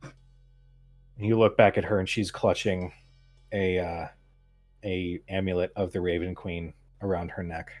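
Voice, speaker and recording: A man narrating as game master in a tabletop game, relaxed and halting with fillers. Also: low voice.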